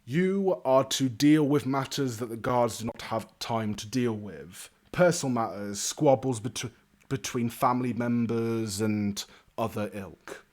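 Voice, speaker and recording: A grizzled older knight, as a man puts him on who speaks in a slightly low, subdued voice. His delivery is formal and clipped, and he gives orders with steady authority. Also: a little slow, close to an everyday voice. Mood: commanding.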